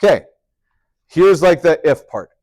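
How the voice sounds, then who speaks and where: A man teaching a high school math class, chatty and upbeat, with joking asides to his students. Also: animated, measured pace, a little mellow, dry recording, studio quality. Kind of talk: classroom lecture.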